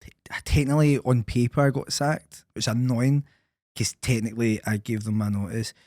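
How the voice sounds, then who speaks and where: A young man co-hosting a podcast, telling stories in a wry, deadpan way. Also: medium pitch, normal speed, no room sound, clean studio sound. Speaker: podcast co-host. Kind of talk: casual chat.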